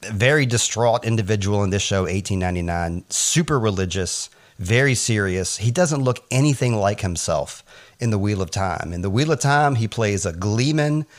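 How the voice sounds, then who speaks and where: A man co-hosting a podcast, casually recapping a TV episode in a chatty, animated way with asides. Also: fairly low pitch, normal speed. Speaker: podcast co-host.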